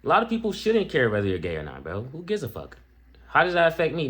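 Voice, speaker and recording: A young man reacting to a video in casual, profane talk, laid-back but jumping into excited peaks. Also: a little high, fast talker. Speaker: reaction streamer.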